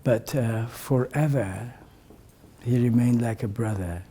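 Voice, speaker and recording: An older man recalling memories for a gathering in a slow, reflective way, his voice often sinking to a soft, breathy near-whisper. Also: mid-range voice. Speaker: community elder sharing memories. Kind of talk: reminiscing talk to a gathering.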